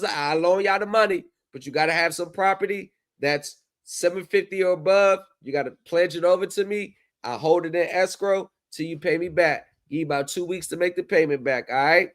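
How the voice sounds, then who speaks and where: A man's voice: sits high, moderate pace, fairly bright tone. A man hosting a livestream in casual chat, loose and profane in his banter. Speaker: livestream host.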